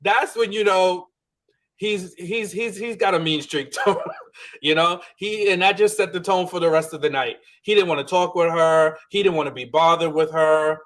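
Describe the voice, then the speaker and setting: A man with a slightly higher voice chats through a reality-show recap. He talks loosely and fast and slips into quoted lines as he goes. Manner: chatty, animated, acts out quoted lines. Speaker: podcast co-host.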